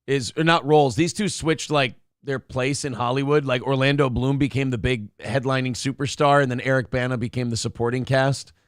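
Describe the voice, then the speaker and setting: A man's voice: medium pitch, fairly even intonation, a little fast, hardly any pauses, clear, resonant tone, no echo, studio quality. A man co-hosting a casual talk show, joking and swearing freely as he riffs on movies. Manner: profane, jokey, laughs often. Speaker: co-host. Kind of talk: casual chat.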